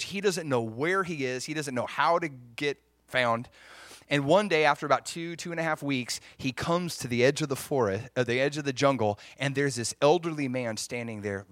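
A man preaching through a story, animated and acting out the voices of the people in it. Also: mid-range voice, no echo. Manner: animated, acts out quoted voices. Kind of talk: sermon storytelling.

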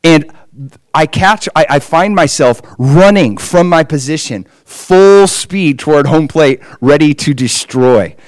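A man's voice: fairly high pitch, expressive, takes it slowly, no echo. A man preaching a personal testimony as a story, with emphatic rises in his delivery.

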